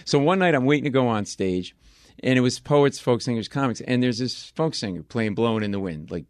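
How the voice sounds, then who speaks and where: A man from Rhode Island, a comedian telling stories as a guest in an interview, lively and slipping into voices for the people he quotes. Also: mid-range voice, fast, no echo, clean studio sound. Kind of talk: storytelling interview chat.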